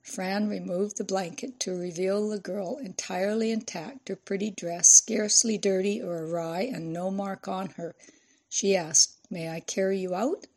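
A woman reading a novel aloud in measured, expressive scripted narration. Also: medium pitch. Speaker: audiobook narrator.

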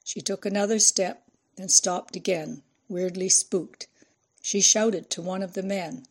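A woman with a mid-range voice narrates an audiobook, reading a novel aloud in a measured, expressive, scripted way.

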